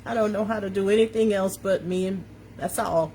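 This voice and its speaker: A woman's voice: mid-range voice, steady tone, brisk, warm tone, a little hiss or hum. A woman coach with a slight New York accent, hosting a live stream and speaking in a preachy, emphatic way, repeating her key phrases and greeting viewers by name. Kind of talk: live-stream motivational talk. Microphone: phone or webcam on a social media live video.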